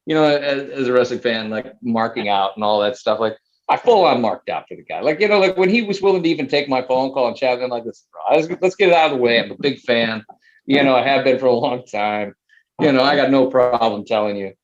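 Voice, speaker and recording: A man's voice: mid-range voice, lively intonation, brisk, dull audio. A man producing a theater show, talking with eager enthusiasm in a casual interview, full of fillers like "man" and "like.".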